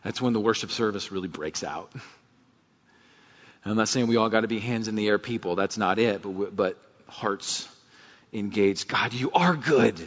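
A man's voice: on the low side, normal speed. A man preaching a sermon as pastor, earnest and fervent, putting rhetorical questions to his congregation in a church sanctuary. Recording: long reverb, dull lo-fi sound.

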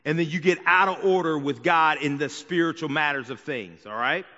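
Pastor, male, bright forceful voice, casual preaching style, church hall echo, slightly dull recording. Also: a little high, brisk. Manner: conversational preaching with frequent "right?" and "okay?" asides. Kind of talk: sermon. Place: church sanctuary. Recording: dull sound with long hall reverb.

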